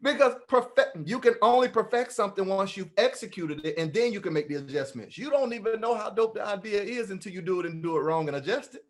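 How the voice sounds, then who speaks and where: A guest at an online meetup, this man talks fast with a high-sitting voice and hardly any pauses. His motivational talk is animated and playful, delivered like a preacher.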